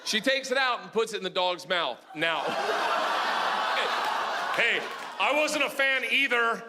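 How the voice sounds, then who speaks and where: Loud, laughing male stand-up comic. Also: high-pitched, slow pace, a loud crowd. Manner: loud, animated, laughing through his lines. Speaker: stand-up comedian. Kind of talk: stand-up comedy. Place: comedy stage. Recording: noisy live comedy club.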